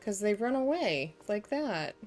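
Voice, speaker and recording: A woman live-streams a video game, talking her way through it in a loose, casual chat and reading lines aloud as they appear. Her voice sits at a middling pitch, and soft game music plays faintly behind her. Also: sing-song, measured pace. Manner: chatty, muses aloud, reads game text.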